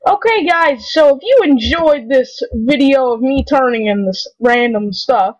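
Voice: sits high, expressive, dry recording. A gamer giving anxious, playful commentary over gameplay. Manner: anxious, pleading and playful, drawn-out slow talk. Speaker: gamer recording a let's play. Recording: dry lo-fi home recording.

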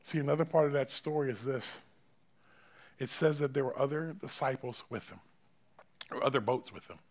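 A male pastor preaching a sermon in a church, swinging between loud, forceful preaching and quiet, close talk in casual, slangy phrasing. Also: mid-range voice, moderate pace. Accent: Southern American.

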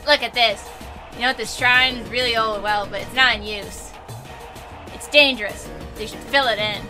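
A woman voicing a creepy, eerily calm young man from a visual-novel game, put on with an exaggerated Southern US accent. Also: a little high, normal speed, faint music behind. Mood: eerie calm. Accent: put-on bad Southern US drawl. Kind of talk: reading game dialogue aloud.

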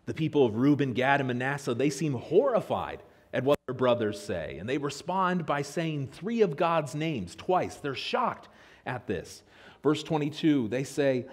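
An American man from Pennsylvania preaching a sermon as pastor in a church, telling stories in an animated way. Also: moderate pace. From Pennsylvania, USA. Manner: animated storytelling with lively pitch swings. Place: church sanctuary.

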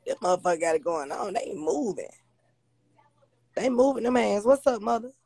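A woman's voice: medium pitch, lively intonation, normal speed, dark tone, husky, dry recording. A woman hosting a casual livestream on her phone, blunt, profane and confrontational as she talks to viewers. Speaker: livestream host.

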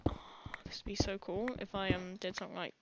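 A woman's voice: medium pitch, flat delivery, fast, very noisy. An English woman giving rambling, jittery live commentary over her own gameplay, full of panicked exclamations. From England. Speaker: gaming channel host.

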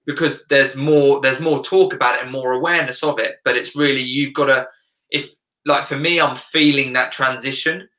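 A man's voice: mid-range voice, fairly even intonation, normal speed, bright, forceful tone, echoey room. A man speaking as a guest life coach in a casual interview, earnest and reflective, often searching for words.

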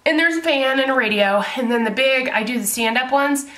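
A woman's voice: high-pitched, a little fast. A young woman, telling a story to her camera in a casual vlog, chatty and full of swearing. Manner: chatty, swears a lot, animated retelling. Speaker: beauty vlogger.

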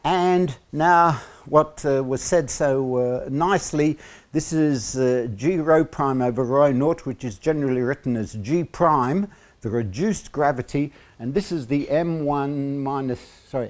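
A man with an Australian accent giving a university lecture, pausing often on fillers and slipping in joking asides. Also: mid-range voice.

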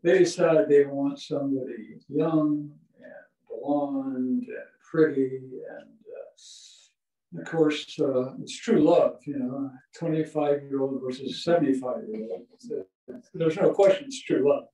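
A man's voice: medium pitch, fairly even intonation, unhurried, warm tone. A man from Ohio telling folksy, rambling stories in a lecture over a video call. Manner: folksy, rambling, with many uh fillers. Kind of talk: storytelling lecture. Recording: echoey, distant from the mic.

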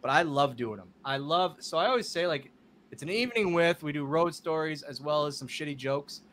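A man guesting on a podcast, telling animated, swear-filled stories and acting out the dialogue. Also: a little high, a little fast. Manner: animated, acts out quoted dialogue, swears freely. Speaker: podcast guest, wrestler and comic. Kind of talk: casual storytelling.

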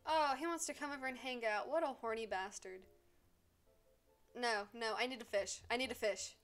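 A woman streaming a life-sim game, excitably scolding the characters and swearing freely in casual commentary. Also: a little high, normal speed, faint music behind. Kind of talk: casual live gameplay commentary.

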